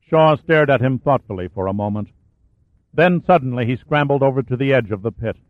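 A man reading a war thriller aloud as an audiobook narrator, in a steady storytelling voice. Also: medium pitch, fairly quick, no room sound. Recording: dry, phone-like lo-fi sound.

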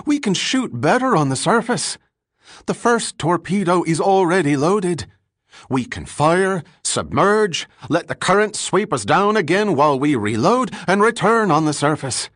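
A frightened first mate on a storybook submarine, shouting and pleading in a voice pitched well above normal, as a male narrator puts him on. He sounds loud and strained, close and dry. His panic never quite leaves him. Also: very animated, a little slow, dry recording, heavily acted.

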